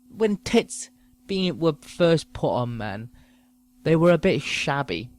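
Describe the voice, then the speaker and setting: A man's voice: fairly high pitch, sing-song, unhurried. A man hosting a comedy podcast, ranting profanely about trivial things. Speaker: podcast host. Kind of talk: comedic rant.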